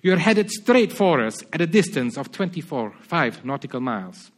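A man voicing a defiant Spanish lighthouse keeper in a put-on Spanish accent, loud and insistent, while reading a story aloud in a sermon. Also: on the high side, normal speed. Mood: firm. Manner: loud, insistent, mocking calm.

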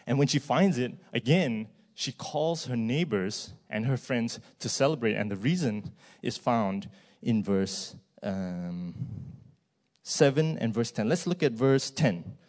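A man's voice: mid-range voice, a little slow, a little mellow. A man, preaching a sermon in a church in a conversational way, with frequent fillers and a tag "right?".

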